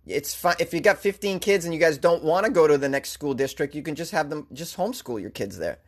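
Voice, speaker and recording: A man's voice: a little high, expressive, a little fast. A man joking his way through a news story, rambling with self-deprecating asides. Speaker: comedic news commentator. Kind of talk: comedic commentary on a news story.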